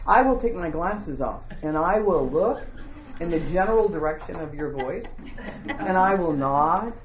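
A woman teaching a Bible lesson to a group, telling the story in an informal, animated way and asking the group questions. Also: fairly low pitch, measured pace, reverberant, a little hiss or hum.

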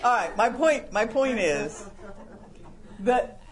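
A man gives a relaxed, conversational sermon with folksy humor. He acts out little quoted scenes and drops to a hushed, low voice for the heartfelt parts. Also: takes it slowly, crowd noise. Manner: folksy and humorous, acting out quoted lines, dropping soft and low for confessions. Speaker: preacher.

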